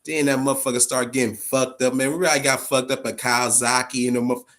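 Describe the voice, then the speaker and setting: A man hosting a boxing channel in casual live-stream talk, animated and profane, dropping "man" at the end of nearly every phrase. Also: medium pitch, fast talker.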